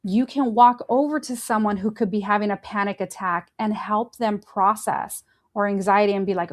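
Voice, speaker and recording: The host of a faith-based motivational podcast, a woman, speaks briskly in a mid-range voice with a steady tone. Earnest and encouraging, she talks directly to listeners and gently guides their breathing exercises.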